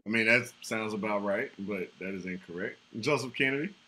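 Speaking a little fast in a lowish voice with a bright, forceful tone, this trivia host runs a casual game night on a video call. He laughs often and teases players, and the audio comes from a video call mic.

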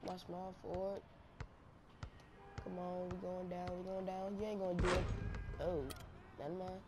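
A woman giving excitable, slangy, trash-talking commentary over her own basketball gameplay on a headset mic. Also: lowish voice, normal speed. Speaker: gaming channel host. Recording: noisy game audio behind.

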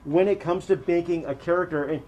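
A man hosting a casual interview chat, quick and chiming in with short agreements. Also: on the high side, a little mellow, highs cut off. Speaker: host.

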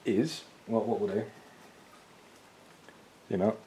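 A man's voice: lowish voice, steady tone, slow pace, dark tone, low-quality recording. A man co-hosting a painting video, bantering playfully and teasing his partner. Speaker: miniature painting channel co-host. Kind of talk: casual banter while painting.

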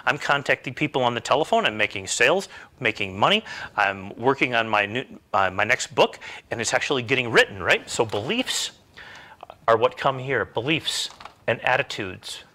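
A man's voice: medium pitch, expressive, moderate pace, pushed and bright. A middle-aged man giving a motivational self-help talk, emphatic and full of rhetorical questions.

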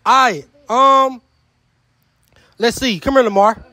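High-pitched guy running truth or dare at a party, loud, jokey, swears a lot, trips on his words. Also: takes it slowly, no room sound. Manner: loud, joking, profane, stumbles over words. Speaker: party game host. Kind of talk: casual party chat. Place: room at a house party.

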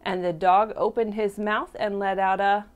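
A woman teacher reading a picture book to toddlers, slow and expressive, stopping to ask the children questions. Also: mid-range voice, muffled recording. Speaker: preschool teacher. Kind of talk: storybook read-aloud for toddlers.

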